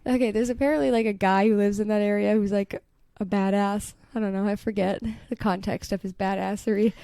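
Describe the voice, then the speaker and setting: A woman's voice: medium pitch, steady tone, a little fast, gravelly, mellow, clear, resonant tone, no room sound, clean studio sound. A woman co-hosting a podcast, chatting casually and retelling a story with lots of "like" and "um" and frequent giggles. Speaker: podcast co-host. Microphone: podcast mic.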